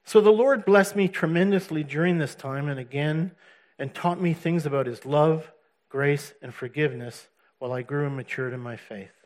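A man's voice: a little high, normal speed, darkish tone. A middle-aged man telling the story of his faith in a casual way, acting out the voices of the people he quotes and chuckling as he goes. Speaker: testimony speaker. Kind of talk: personal faith testimony.

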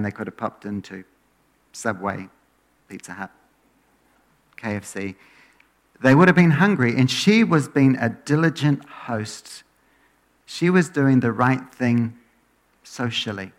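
Relaxed male pastor preaching. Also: medium pitch. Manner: relaxed, often trails off quieter at phrase ends. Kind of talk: conversational sermon.

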